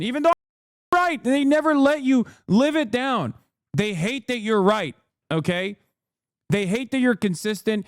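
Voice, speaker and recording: A man's voice: high-pitched, dry recording, studio quality. A man in his thirties hosting a live-stream reaction, ranting sarcastically and reading chat messages aloud. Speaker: streamer host.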